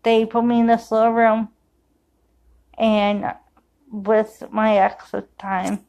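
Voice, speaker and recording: A grieving mother telling a personal story to camera in a raw, emotional way, sometimes rushing her words. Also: a little high, flat delivery, gravelly, dull audio, background noise. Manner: raw, emotional retelling, rushed bursts.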